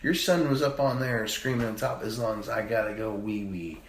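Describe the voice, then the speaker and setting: A man in his thirties tells a rambling, swear-laden story on a podcast. His voice sits at an ordinary pitch and jumps up when he quotes people. The room rings with echo under a faint hiss. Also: normal speed. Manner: rambling, profane, animated when quoting others. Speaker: podcast co-host. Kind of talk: casual storytelling chat. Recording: echoey room with faint noise.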